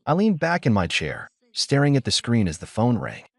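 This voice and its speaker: A man narrating a first-person story in a steady, measured way. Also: mid-range voice, dry recording.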